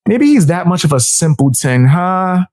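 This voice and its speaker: Male streamer, mocking reaction commentary, slightly high voice. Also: sing-song, normal speed, a little mellow. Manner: mocking, trash-talking. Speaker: streamer reacting to a debate clip.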